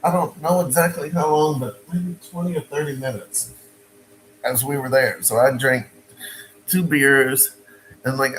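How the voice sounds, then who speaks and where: A man telling a story in a casual, animated way, often repeating phrases and restarting sentences. His voice sits in an ordinary middle pitch. A faint hum of noise runs underneath. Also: unhurried, poor audio.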